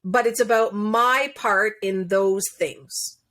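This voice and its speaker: Woman, podcast guest, coach, earnest explanations, laughs often, mid-pitched voice. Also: fairly even intonation, takes it slowly, a bit bright. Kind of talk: casual interview chat.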